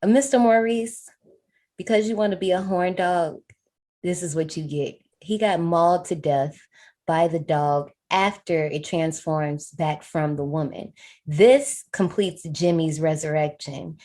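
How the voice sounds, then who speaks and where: Low-voiced woman recapping a horror film. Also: a little slow, warm tone. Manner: playful, frank, laughs often, slangy. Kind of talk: casual chat, film recap.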